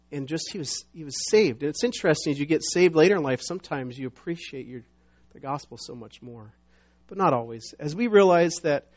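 A middle-aged man preaches in a loose, chatty way, stumbling over restarts and fillers before rising to emphatic scripture readings. His voice sits a little high for a man. The recording is dull and lo-fi. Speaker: pastor. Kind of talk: sermon. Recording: dull lo-fi sound.

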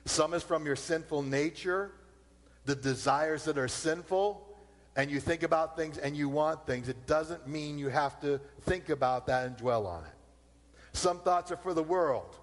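A man preaching a sermon, slowing down to repeat his key points. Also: a little high. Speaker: pastor. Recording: long hall reverb.

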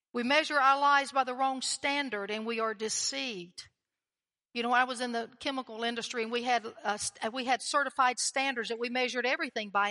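Woman, preacher, chatty sermon, questions to the church, bright tone, long reverb. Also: a little high. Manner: conversational, asks the congregation questions.

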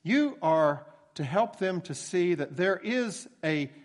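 A man preaching a sermon as a pastor, emphatic, with dramatic pauses and bursts of rising emphasis. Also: high-pitched, animated, big-room sound.

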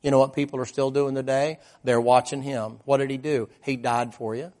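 A male preacher with a mid-range voice delivers a sermon as a folksy storyteller. He keeps asking the congregation questions and paints scenes in vivid detail. His delivery rises to loud emphasis and then drops to hushed asides. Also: flat delivery, a little fast. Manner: swings between loud emphatic lines and low quiet asides.

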